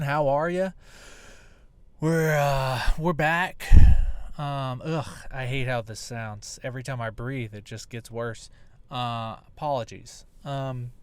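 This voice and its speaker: A man's voice: medium pitch, smooth. A man in his thirties hosting a casual solo podcast, rambling and swearing freely. He speaks close into a handheld recorder with no windscreen, so the sound is hot and poppy. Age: 30s. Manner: rambling, profane, jokey. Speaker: podcast host. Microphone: close to a handheld recorder without a windscreen, hot and poppy.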